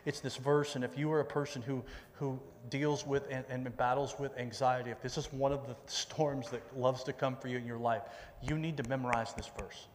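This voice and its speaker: A man's voice: medium pitch, steady tone, moderate pace, hardly any pauses, a little hiss or hum. A middle-aged man preaching a sermon as a pastor, talking conversationally, repeating himself, and dropping folksy asides. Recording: long reverb in a large hall.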